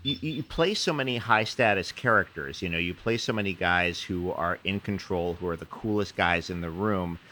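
A man's voice: deep voice, moderate pace, few pauses, bright, forceful tone, slight background noise. A man hosting a podcast interview, chiming in with short agreements and friendly observations. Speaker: podcast host. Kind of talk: casual interview chat.

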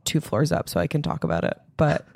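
Woman, podcast co-host, casual rambling chat, low, gravelly, dry sound. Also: big pitch swings, brisk, a little mellow, no room sound. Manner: rambling, laughs while telling stories.

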